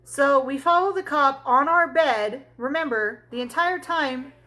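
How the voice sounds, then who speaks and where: A woman whose voice sits high, bright and forceful, speaking a little slowly, hosts a casual tumbler crafting livestream. She's a chatty storyteller as she works, responding to viewers and laughing and swearing freely.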